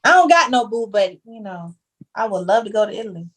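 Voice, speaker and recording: A woman's voice: mid-range voice, a little fast. A woman in her thirties from Jacksonville with a country Southern accent, a podcast guest telling joking stories in casual chat. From Jacksonville, Florida. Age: 30s. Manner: joking, animated storytelling.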